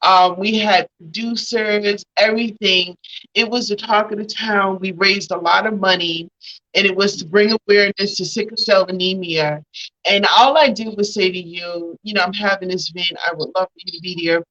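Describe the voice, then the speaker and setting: A woman's voice: medium pitch, fairly even intonation, moderate pace, a bit bright, dull audio. A woman hosting a talk show, speaking at length and with feeling as she thanks her guest. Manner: emotional, grateful, talks at length. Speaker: host.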